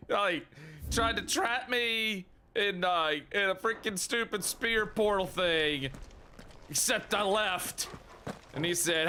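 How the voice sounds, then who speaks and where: A man's voice: high-pitched, expressive, unhurried, sharp tone, a little hiss or hum. A man giving loose let's-play commentary, laughing often and trash-talking a game boss in crude slang. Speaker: gaming YouTuber.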